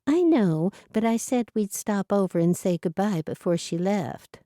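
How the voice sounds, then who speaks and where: A woman's voice: mid-range voice, animated, unhurried, warm tone, no room sound, studio quality, pitched above the performer's own voice, natural voice. A woman voicing an elderly Amish widow, talking in an earnest, plaintive way. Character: elderly Amish widow, flustered but stubborn.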